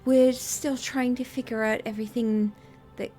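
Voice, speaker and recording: A woman's voice: a little high, fairly even intonation, moderate pace, dark tone, faint music behind. A woman player role-playing her character in a tabletop game, apologetic, rambling and hesitant.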